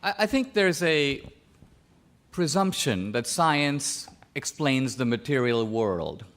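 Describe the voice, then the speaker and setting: A man's voice: mid-range voice, lively intonation, slow, fairly bright tone. A man from India arguing in a public debate, pressing his points with methodical questions.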